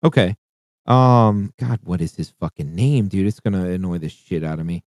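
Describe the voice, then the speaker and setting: Man, podcast co-host, lowish voice, profane and self-deprecating, dry mic. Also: moderate pace, a little mellow, dry recording. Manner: blunt, swearing, self-mocking. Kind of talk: casual podcast chat.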